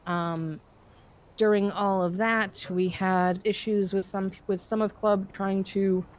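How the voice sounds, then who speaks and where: A woman's voice: medium pitch, fairly even intonation, slow pace. A woman giving a casual, rambling recap in a roleplay game, swearing and filling gaps with "uh" and "um". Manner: rambling, swearing, many fillers and restarts.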